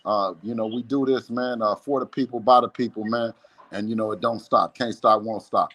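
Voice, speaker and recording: Calling into a livestream, a man with a voice on the low side talks at normal speed. The phone chat is casual and playful, full of laughter, animated energy and good-natured trash talk.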